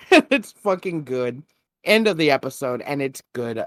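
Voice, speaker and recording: A man's voice: mid-range voice, sing-song, a little slow, fairly bright tone, dry recording, studio quality. A young man co-hosting a podcast, chatting casually with lots of laughter and swearing. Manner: laughing, profane, acts out characters' lines. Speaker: podcast co-host. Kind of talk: casual chat recapping an anime.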